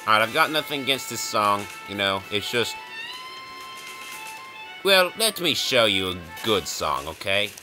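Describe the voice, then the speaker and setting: A man's voice: fairly low pitch, big pitch swings, unhurried, long pauses, music in the background. A man casually commenting while playing a video game, rambling and jokey, chuckling often. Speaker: gaming video host. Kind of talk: casual let's-play commentary.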